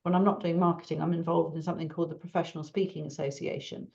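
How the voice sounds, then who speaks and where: A woman, a marketing consultant hosting an online Q&A, chatty and animated, acting out small talk. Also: low-pitched, racing, vocal fry. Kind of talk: casual online Q&A. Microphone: video call. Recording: dull lo-fi video call audio.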